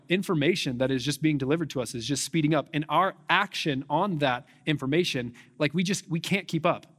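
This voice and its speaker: A young adult man preaching a sermon as pastor, conversational and animated, with frequent fillers and quick restarts. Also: a little high, husky.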